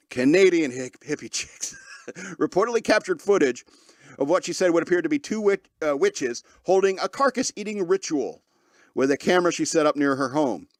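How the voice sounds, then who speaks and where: Sarcastic, animated male podcast host. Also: a little high, normal speed, no room sound, studio quality. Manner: sarcastic, joking, laughs often mid-sentence. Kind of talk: casual comedic commentary on news.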